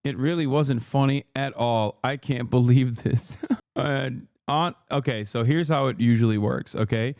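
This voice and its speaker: A man's voice: medium pitch, measured pace, darkish tone, clean tone, no room sound, studio quality. A man in his thirties streaming live, reacting to clips and arguing with his chat in a profane, sarcastic, combative way. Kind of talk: livestream reaction commentary.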